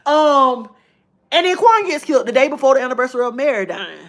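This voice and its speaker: A woman's voice: sits high, animated, fairly quick, fairly bright tone. A woman, telling a personal story to her viewers in a chatty, emotional way. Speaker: vlogger.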